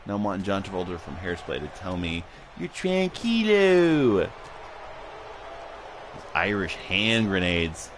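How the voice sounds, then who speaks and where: A man's voice: deep voice, steady tone, fairly quick, hardly any pauses, sharp tone, slight background noise. A man hosting a livestream, casually commentating a video game match, rambling and joking, laughing often and swearing, a little tipsy and punchy.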